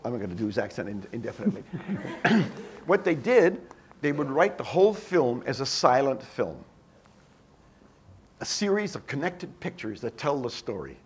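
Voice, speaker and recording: A man's voice: mid-range voice, normal speed, a little hiss or hum. An older man telling anecdotes as a guest speaker at a university event, acting out other people's dialogue. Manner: animated, acts out quoted dialogue. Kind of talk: anecdotal storytelling at a talk.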